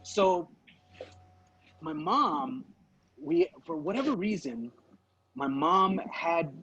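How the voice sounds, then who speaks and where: A man's voice: on the high side, sing-song, takes it slowly, a bit bright, husky, highs cut off. A man co-hosting a podcast, telling a story in casual chat, swearing freely and acting out his relatives' lines. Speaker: podcast co-host.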